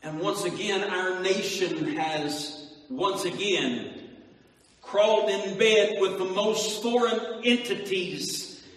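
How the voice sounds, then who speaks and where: High-pitched preacher man, slow and singsongy, far off the mic in a big echoey church. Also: fairly bright tone. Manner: preaching with rising, sing-song emphasis and rhetorical questions. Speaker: pastor. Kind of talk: sermon. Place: church hall.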